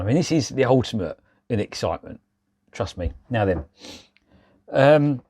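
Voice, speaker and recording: A man's voice: fairly low pitch, a little mellow, no room sound, studio quality. A man in his forties chatting casually to camera, rambling and self-mocking, with lots of filler words. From England. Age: 40s. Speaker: railway vlogger.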